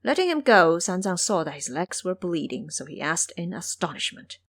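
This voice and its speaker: A woman narrating a classic fantasy tale in an audio drama series with expressive storytelling. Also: on the low side, normal speed, few pauses, slightly rough.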